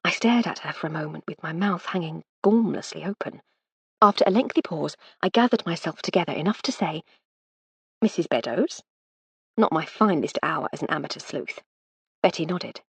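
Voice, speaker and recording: A woman reading a first-person audiobook with wry, lively storytelling. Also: low-pitched, fairly quick, gravelly, slightly rough, no echo. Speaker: audiobook narrator.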